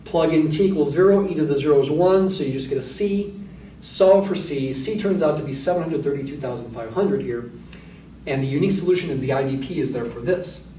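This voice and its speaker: A man's voice: fairly high pitch, a little mellow, far from the mic, a little hiss or hum. Man giving a math lecture in an echoey room. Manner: explains step by step, thinking aloud with asides. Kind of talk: recorded university lecture. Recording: echoey room, voice a little off-mic.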